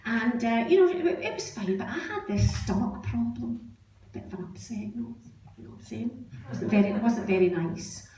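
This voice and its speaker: A woman's voice: fairly high pitch, lively intonation, normal speed, mellow, slight background noise. A middle-aged Scottish woman doing stand-up comedy, a chatty, self-mocking storyteller. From Scotland. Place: comedy club stage. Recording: roomy stage sound, distant mic, audience laughter. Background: audience laughing.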